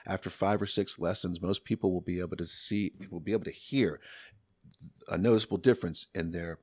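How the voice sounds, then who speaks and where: A man in his fifties, a podcast guest, telling animated and profane stories in a casual way. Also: sits low, brisk, no echo. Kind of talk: casual storytelling.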